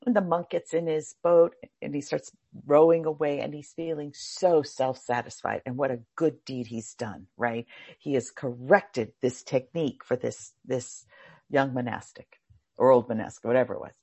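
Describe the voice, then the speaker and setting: A woman giving a casual spiritual talk on meditation. She tells a parable in an animated way, acts out the voices and swears now and then. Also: rumbling low, moderate pace, slightly rough. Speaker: meditation teacher.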